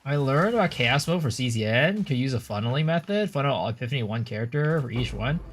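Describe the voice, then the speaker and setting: American dude streaming, rambles and talks back to chat, voice jumps up and down. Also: male voice, medium pitch, lively intonation, a little fast, slight background noise. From United States. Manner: rambling, restarts, reads and answers chat.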